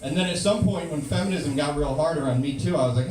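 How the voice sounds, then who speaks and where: A man performing a stand-up comedy set with an ironic, deadpan delivery. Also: a little high, fast talker, hardly any pauses. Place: live comedy club. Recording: roomy, distant live room recording with noise.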